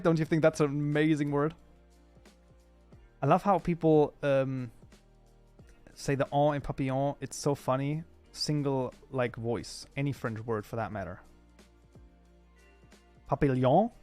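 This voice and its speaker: A man's voice: mid-range voice, unhurried, pauses often, darkish tone, faint music behind. A young man with a German accent, hosting a livestream in a loose, casual chat that is full of swearing and laughter. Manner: talkative, swears freely, laughs often. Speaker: livestream host.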